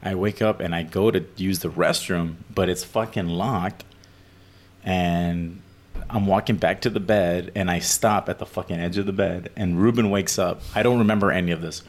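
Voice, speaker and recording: A man's voice: sits low, steady tone, moderate pace. A man co-hosting a podcast, telling a story among friends in a loose, profane way and laughing often. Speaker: podcast co-host.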